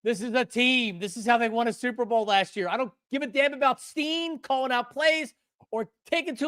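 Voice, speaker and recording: An older man hosting a live sports talk stream, passionate and emphatic, repeating himself and at times breaking into shouts. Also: extremely high pitch, a little fast, no echo, studio quality. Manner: bursts into shouting. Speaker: sports show host.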